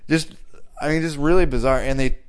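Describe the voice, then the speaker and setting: A man's voice: on the high side, steady tone, brisk, clear, resonant tone. A man in his thirties telling a rambling, self-mocking story full of fillers and restarts. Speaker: stand-up comedian. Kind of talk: casual storytelling.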